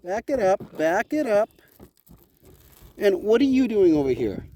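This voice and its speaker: Speaking a little slowly in a high, very animated voice with a dark tone, a man runs a farm vlog outdoors by his goat pen. He talks casually to camera and animals, teasingly scolding his goats in a playful sing-song. Faint wind blows and goats bleat in the background.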